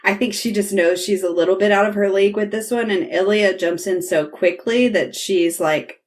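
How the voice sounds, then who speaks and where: Speaking at normal speed in a medium-pitched voice, a woman hosts a podcast where she chats through a TV episode recap and performs the characters' lines while retelling scenes.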